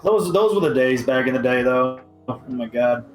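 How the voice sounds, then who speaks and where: A man's voice: medium pitch, animated, moderate pace, echoey room, soft background music. A young man co-hosting a casual podcast over a voice-chat call, rambling, profane and self-mocking. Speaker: podcast co-host.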